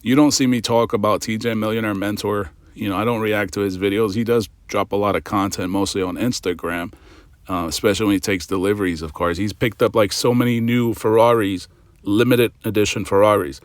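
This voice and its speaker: A man's voice: on the low side, fairly even intonation, brisk, dry recording. A man hosting a reaction channel, giving casual commentary that is skeptical and ranting and that keeps repeating its points.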